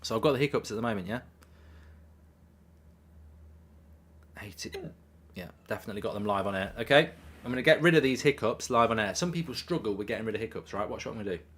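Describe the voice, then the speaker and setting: A man's voice: on the low side, lively intonation, racing, hardly any pauses, fairly bright tone. A man casually chatting on a live stream, reading out viewer messages with plenty of ums. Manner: chatty, reads chat messages aloud, frequent ums. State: hiccups. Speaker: watchalong streamer.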